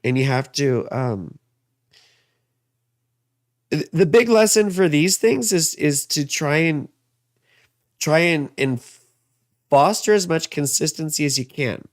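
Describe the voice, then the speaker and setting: A man's voice: a little high, animated, slow pace, long pauses, dry recording, clean studio sound. A man in his thirties giving a casual, rambling astrology and tarot reading, full of asides and fillers.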